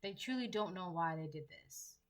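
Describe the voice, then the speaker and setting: A woman's voice: on the low side, lively intonation, normal speed, low-quality recording. A woman giving a collective tarot reading, talking emphatically and piling up repeated rhetorical questions. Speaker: tarot reader.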